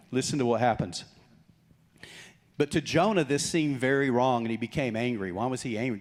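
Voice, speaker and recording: A man preaching a sermon, joking with the congregation and acting out the characters in the story. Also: mid-range voice. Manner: jokey, animated preaching with acted-out quotes. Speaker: pastor.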